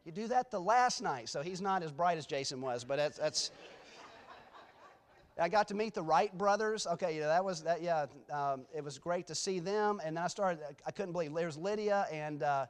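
A guest preacher with a slightly high voice and moderate pace addresses a church sanctuary. His pre-sermon stories are rambling and self-deprecating, with many restarts.

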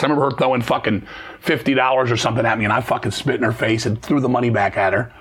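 A middle-aged metal musician, a guest on an interview, tells blunt, profane stories and acts out the voices of the people in them. His mid-range voice has a breathy edge, and he talks fast, swears freely and stays animated throughout.

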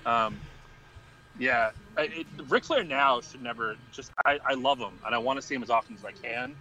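A man's voice: mid-range voice, normal speed, bright, forceful tone, soft background music, poor audio. A young man co-hosting a wrestling podcast in casual chat, rambling and laughing often as he talks. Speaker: podcast co-host.

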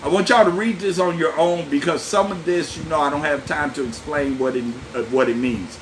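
A man preaching a sermon as a pastor, folksy and lively, talking straight to his listeners with laughs and asides. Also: a little high, brisk, slight background noise.

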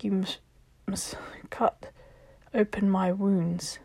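A woman voicing a fragile, haunted young woman who speaks in hushed, breathy whispers in a told story. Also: medium pitch, fairly even intonation, takes it slowly, no echo, exaggerated voice.

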